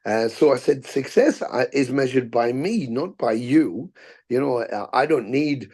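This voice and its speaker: A middle-aged man tells his stories in an easy, animated way. He swears freely and slips into the voices of the people he quotes. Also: medium pitch, unhurried. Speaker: podcast guest, musician and actor. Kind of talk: casual storytelling interview.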